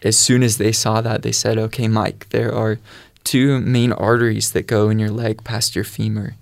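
Earnest man with a gravelly voice. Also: on the low side, flat delivery, normal speed, no room sound, clean studio sound. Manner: earnest storytelling, quotes his own prayers. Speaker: guest sharing testimony. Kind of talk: personal faith testimony.

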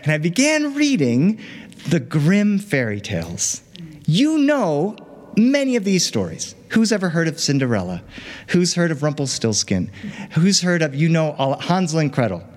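Animated man telling a folk tale live, playful asides, fairly high voice, long hall reverb. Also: normal speed. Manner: animated, chatty, asides and laughs. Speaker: storyteller. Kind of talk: live oral storytelling.

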